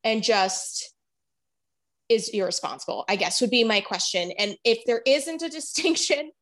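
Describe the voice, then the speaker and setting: A woman co-hosts an interview, chatty and hesitant, talking herself in circles before stopping to let the guest answer. Her voice sits fairly high. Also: normal speed, a bit bright. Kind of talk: casual interview questions.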